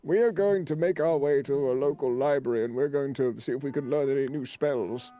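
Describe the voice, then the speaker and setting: A man's voice: medium pitch, brisk, dark tone, soft background music. A man playing in a tabletop game on a call, joking dryly. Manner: dry joking, sarcastic. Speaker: player. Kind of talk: casual banter in a tabletop game.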